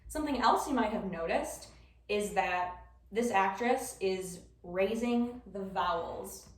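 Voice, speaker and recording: This student presenter, a young woman with a Wisconsin accent, talks through her class presentation in a casual, chatty way with frequent ums. Her mid-range voice takes it slowly. The audio was captured from far away in a roomy classroom.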